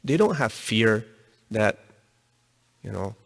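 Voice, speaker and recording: A man giving a religious lecture, telling a story in an animated way and raising his voice to stress his points. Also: on the low side, slow, gravelly. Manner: animated storytelling, voice rising with emphasis. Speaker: religious teacher. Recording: long reverb in a hall.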